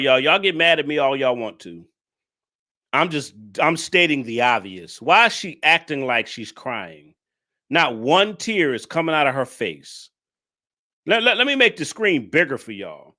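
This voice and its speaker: A man hosting a reaction video, talking straight to his audience in an exasperated, emphatic way. His voice sits fairly high and bright. His delivery is lively, with wide swings in pitch. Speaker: channel host reacting to a clip. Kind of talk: casual reaction commentary.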